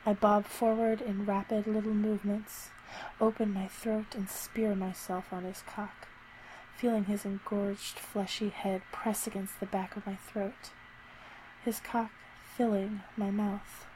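A woman narrating a first-person erotic story in a slow, soft, intimate way. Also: medium pitch, flat delivery, slight background noise, rough recording.

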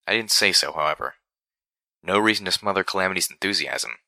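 A male audiobook narrator reading a first-person story in a steady, measured way. His voice sits low but has a sharp, bright edge. The recording is dry and close. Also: vocal fry, dry recording.

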